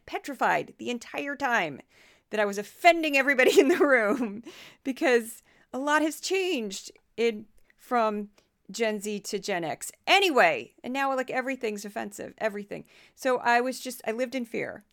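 A woman's voice: high voice, a bit bright. A middle-aged woman from the US Midwest hosting a podcast. She talks in a chatty, casual way, with wry and self-deprecating asides. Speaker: podcast host.

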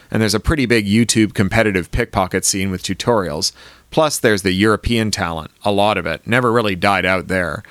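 A man's voice: on the low side, a bit bright, no room sound, close to an everyday voice. A man voicing a wry, paranoid middle-aged tech founder in an audiobook reading.

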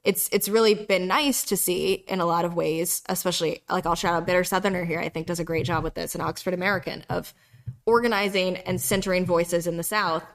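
A woman's voice: lowish voice, fairly even intonation, a little fast. A woman from North Carolina talking in a casual podcast conversation, earnest and reflective, often repeating her phrases. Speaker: podcast speaker.

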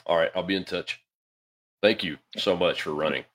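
Deep voiced middle aged guy hosting, talks folksy, lots of uhs. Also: fairly bright tone. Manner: folksy, halting advice full of fillers. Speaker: show host. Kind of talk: casual call-in talk.

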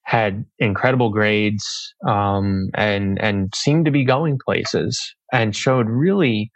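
Young man, interview guest, earnest, halting, low voice, dry slightly dull recording. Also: dry recording. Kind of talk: conversational interview.

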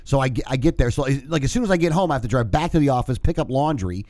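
A man's voice: mid-range voice, lively intonation, rapid-fire, darkish tone, dry recording. A man tells a profanity-laced story in loose conversation. His voice rises and falls a lot, and the sound is dry and close to the mic. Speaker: podcast co-host. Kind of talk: casual chat.

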